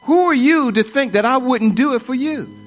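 A man's voice: very high-pitched, moderate pace, soft background music. A man in his forties preaching a sermon, repeating lines for emphasis and building to fervent declarations.

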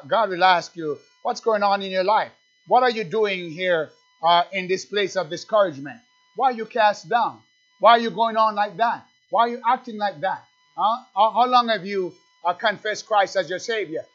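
Man, preacher, high-pitched, emphatic sermon, repeats questions, dull lo-fi recording. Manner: emphatic, repeats rhetorical questions, rises to near shouting.

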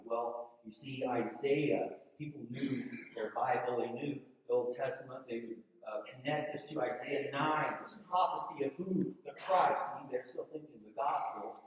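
A male pastor preaching a sermon, moving between loud, emphatic declarations and hushed, quieter asides. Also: mid-range voice, normal speed, hardly any pauses. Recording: echoey hall, mic from a distance.

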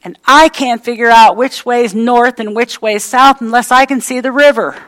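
A woman's voice: fairly high pitch, moderate pace, a bit bright, rough recording. A woman preaching a sermon, emphatic and repetitive, with folksy everyday asides.

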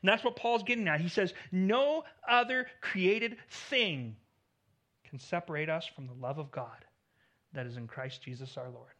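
A man delivers a sermon with a high, bright voice. He preaches earnestly, rising in volume on key points, then dropping soft at the ends of phrases, and he sometimes repeats a word as he restarts. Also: fairly quick. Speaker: pastor.

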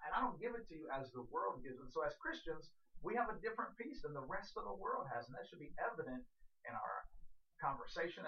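A man preaches a relaxed sermon, circling back to his key words for emphasis. His voice sits a little high and carries the echo of a church. The recording sounds slightly muffled. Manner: casual, conversational preaching with fillers and repeated emphasis. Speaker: pastor. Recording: echoey, slightly dull recording.

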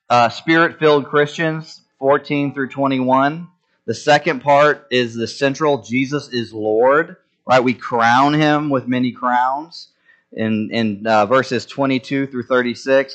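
A man's voice: medium pitch, fairly bright tone. A man preaching a sermon as pastor, folksy and conversational, joking at his own expense and acting out the dialogue of the story. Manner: folksy and conversational, with self-deprecating jokes; acts out biblical dialogue in different voices.

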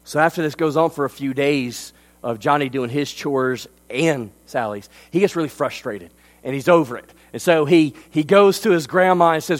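A man's voice: mid-range voice, lively intonation, normal speed. A male pastor, preaching a sermon and telling a story with frequent fillers.

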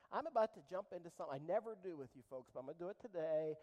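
A woman pastor delivering a sermon in a church. Her pitch swings widely as she tells the story, and she dramatizes its quoted lines for the congregation. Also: animated, very fast, hardly any pauses, dark tone, rough recording.

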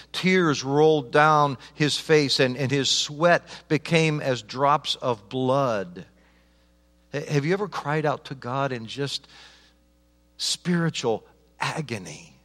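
A man preaching a sermon as pastor, swinging between loud emphatic lines and soft, slowed ones, often repeating words and restarting phrases. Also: mid-range voice. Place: church sanctuary. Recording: long reverb of a large hall.

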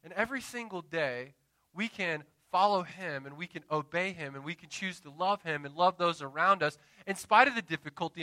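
Pastor, man, 30s; passionate sermon delivery with call-and-response asides, tense, sharp tone, close and dry. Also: fairly high pitch, expressive, no echo. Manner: impassioned preaching with dramatic pauses and call-and-response asides. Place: church.

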